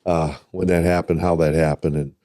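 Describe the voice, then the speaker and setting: An older man from Minnesota, a podcast guest telling stories in a casual, animated way, often repeating words and laughing. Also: low-pitched, moderate pace. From Minnesota, USA. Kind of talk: casual storytelling interview.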